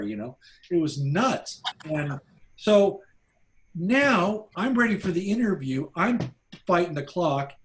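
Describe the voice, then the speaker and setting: A man, a documentary filmmaker, casually telling behind-the-scenes stories to a class, animated and full of restarts. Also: on the high side, a little slow, a little hiss or hum. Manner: animated anecdotes, acts out quoted voices, frequent restarts. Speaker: documentary filmmaker, guest speaker.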